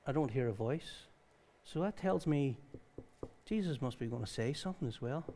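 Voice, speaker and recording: A man preaching a conversational sermon at a church service, reading scripture and telling stories in a lively way. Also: medium pitch, normal speed, a little hiss or hum. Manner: lively storytelling, reads scripture aloud. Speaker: pastor.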